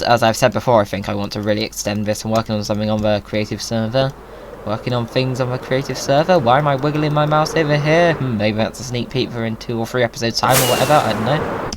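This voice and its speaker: A hoarse man, a cheerful, chatty host giving playful commentary over gameplay and cooing at in-game animals. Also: medium pitch, quick pace, a little hiss or hum.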